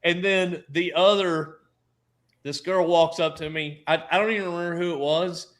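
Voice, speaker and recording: A man with a bright, forward voice sitting a little higher than most, spinning loose, animated stories on a casual roundtable. He slips into other people's voices as he retells their lines. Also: normal speed. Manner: animated storyteller acting out quotes. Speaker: podcast panelist.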